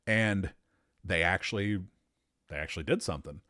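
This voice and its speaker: A man telling a story in a casual, animated, profane way, getting worked up as he talks. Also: lowish voice, normal speed, no echo, studio quality. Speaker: storyteller recounting a former boss.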